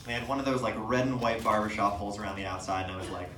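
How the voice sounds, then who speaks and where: A young man doing stand-up comedy on a stage, telling self-mocking stories in an animated, laughing way. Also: lowish voice, very fast, a little hiss or hum. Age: young adult. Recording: echoey room from a distant mic.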